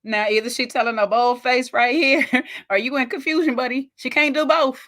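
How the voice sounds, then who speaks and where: Sassy woman reacting to a clip, high voice, talks right at you. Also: fairly even intonation, moderate pace, a bit bright. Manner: sassy, emphatic, talks straight to the viewer. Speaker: reaction video host. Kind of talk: casual commentary reacting to a clip.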